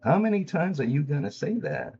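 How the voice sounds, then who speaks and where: A man's voice: a little high, very animated, brisk, mellow, breathy edge, highs cut off, pitched above the performer's own voice, exaggerated voice. A man voicing a flustered young man on the phone. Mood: nervous.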